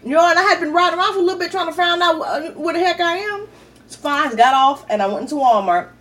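A middle-aged woman vlogger telling a story in a chatty, animated way and often calling out to her viewers. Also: very high-pitched, fast, far from the mic. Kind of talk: casual storytelling.

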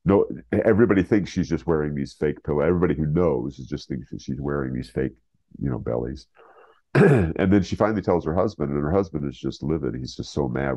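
An interview guest who is a writer retells a story, rambling with fillers and restarts. His rumbling low voice is dark, husky and animated, and he talks fairly quickly. The recording is dry and slightly dull, with a lo-fi quality.

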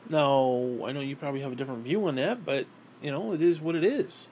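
A man's voice: medium pitch, fairly quick, a little mellow, slight background noise. A man rambling casually on camera, swearing often and switching into baby talk with his pet. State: broke and frustrated. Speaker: vlogger.

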